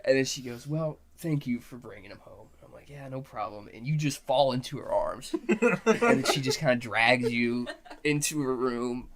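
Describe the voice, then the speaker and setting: A man's voice: mid-range voice, moderate pace. A young man hosting a casual podcast, telling a story with lots of laughter and acted-out quotes. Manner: animated, acts out quotes, laughs often. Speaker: podcast host.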